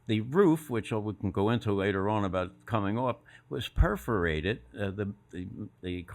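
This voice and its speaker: An older man, a guest on a podcast, telling anecdotes in a casual, animated way and laughing at his own stories. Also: lowish voice, normal speed. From Philadelphia area. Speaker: guest, former sports executive. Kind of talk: casual storytelling interview.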